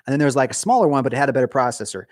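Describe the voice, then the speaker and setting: A man's voice: medium pitch, lively intonation, racing, no room sound, clean studio sound. A man chatting on a casual livestream from his cold garage, rambling and joking at his own expense. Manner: rambling, jokey, self-mocking. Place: home garage.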